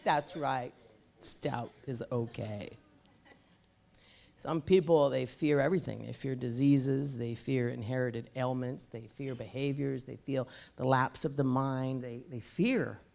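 A woman's voice: a bass voice, unhurried, vocal fry, hardly any pauses. Emphatic middle-aged woman preacher. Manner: emphatic, animated and humorous. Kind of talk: sermon with comic storytelling.

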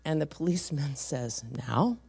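A woman preacher telling a story to her church, animated and emphatic, acting out the voices of the people in it. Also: low voice, moderate pace. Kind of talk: sermon storytelling to a congregation.

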